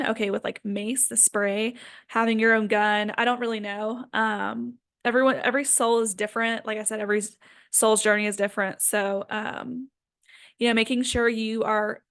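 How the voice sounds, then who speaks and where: On a dry recording, a slightly high, fairly bright female voice delivers a spiritual self-help talk. She's a healing coach in her 20s, sincere and informal, with frequent "um"s and "like"s.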